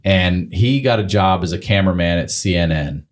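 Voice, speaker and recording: A male comedian telling a long, animated story in casual chat, swearing freely and acting out the people he quotes. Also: deep voice, normal speed. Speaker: guest comedian.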